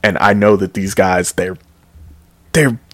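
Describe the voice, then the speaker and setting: A man's voice: deep voice, fairly even intonation, measured pace, dry recording. A man giving a casual, rambling music review, full of fillers and restarts, enthusiastic about the songs. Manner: rambling, with frequent fillers and self-corrections.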